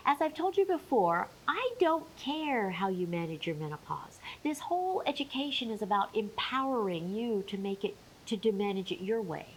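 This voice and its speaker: A woman educator giving an emphatic, clear talk on menopause with playful asides. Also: mid-range voice, big pitch swings, moderate pace, few pauses, slight background noise, low-quality recording.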